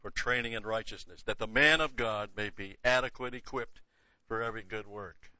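Sharp-voiced older man teaching Scripture. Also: fairly low pitch, moderate pace, dry recording. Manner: emphatic, repeats key words, conversational asides. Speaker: Bible teacher. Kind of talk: Bible teaching lecture. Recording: dull lo-fi dry recording.

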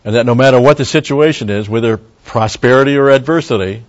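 A man's voice: medium pitch, quick pace, lo-fi sound. A man preaching a verse-by-verse sermon as a Bible teacher, talking conversationally, stopping for Hebrew word study and making wry asides to the congregation.

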